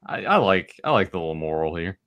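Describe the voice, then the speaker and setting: Lively low-voiced male podcast co-host. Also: fairly quick. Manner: animated, hesitant with fillers. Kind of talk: casual chat.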